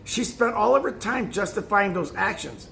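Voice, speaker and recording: A man's voice: high voice, expressive, normal speed, vocal fry, sharp tone, slight background noise. A man reading a self-help booklet aloud in an emphatic tone, now and then stumbling and restarting a phrase. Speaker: narrator.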